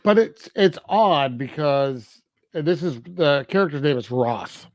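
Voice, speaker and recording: A man's voice: fairly high pitch, animated, a little slow, no room sound. A man with a slightly raised voice chats through a film's plot, leaning on "like" and "um" and laughing often. The sound is dry and close, with no room around him. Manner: laughs often, recaps plot with filler words. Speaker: podcast co-host. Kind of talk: casual film review chat.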